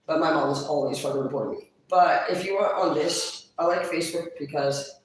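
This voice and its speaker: A woman chatting casually on a livestream, blunt and profane, quick to laugh. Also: low-pitched, distant mic, a little hiss or hum. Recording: very echoey room, voice off-mic.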